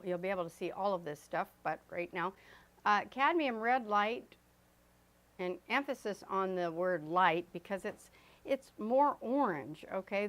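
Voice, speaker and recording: A woman teaching an oil painting lesson as she paints, chatty and loose, with fillers and self-corrections. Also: medium pitch. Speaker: art instructor. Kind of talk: painting demonstration.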